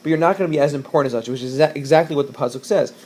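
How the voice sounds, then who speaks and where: A man's voice: fairly high pitch, rapid-fire, a little mellow. A man teaching a recorded lesson, reading Hebrew verses and translating them line by line, with frequent fillers and self-corrections.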